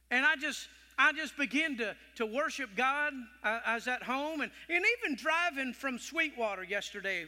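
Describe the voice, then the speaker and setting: A man's voice: very high voice, moderate pace, sharp tone, in a large hall. A middle-aged man with a Texan accent, a pastor preaching a sermon with impassioned, heartfelt storytelling. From Texas.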